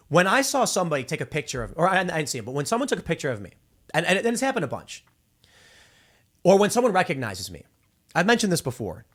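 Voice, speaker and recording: A male host in his thirties giving casual opinion commentary, rambling and restarting with repeated words. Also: a little high. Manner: acts out quoted people in exaggerated voices.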